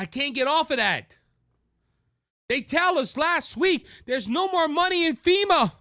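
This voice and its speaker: Cajun male political host, heated rant, bright sharp high voice, dry studio sound. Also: no echo. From Louisiana. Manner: impassioned, raises voice, repeats words as he restarts. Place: studio with a monitor.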